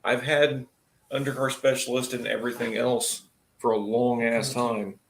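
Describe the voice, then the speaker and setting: Gravelly-voiced mechanic chatting casually. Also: male voice, medium pitch, flat delivery, moderate pace, echoey room. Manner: blunt, profane, explains shop work. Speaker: auto technician and host. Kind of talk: casual live-stream chat.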